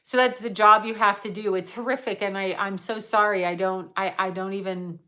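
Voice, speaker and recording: A middle-aged woman, a psychic medium, talking frankly and casually on a live stream, reading viewer comments and often breaking off in halting restarts. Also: medium pitch, fairly even intonation, sharp tone. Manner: frank and profane, halting with restarts when emotional.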